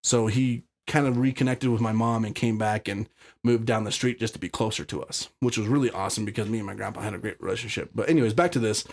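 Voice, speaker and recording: A man's voice: fairly low pitch, fast. Blunt, profane man telling his story. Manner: blunt, profane, talks in looping restarts. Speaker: podcast guest. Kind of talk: casual conversational storytelling.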